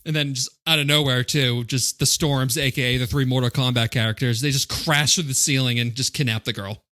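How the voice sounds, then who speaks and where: A man's voice: medium pitch, steady tone, brisk, sharp tone. A man co-hosting a casual film podcast, laughing often and recapping the plot wryly. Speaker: podcast co-host. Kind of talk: casual chat about a film.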